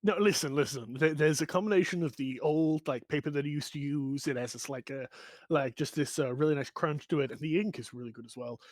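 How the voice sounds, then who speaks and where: A man's voice: on the high side, fairly quick, a little mellow, no room sound, close to an everyday voice. A man putting on a cheeky book-eating goblin. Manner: cheeky, brash, cocky. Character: mischievous crude male goblin who eats spellbooks. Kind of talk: tabletop role-play voice.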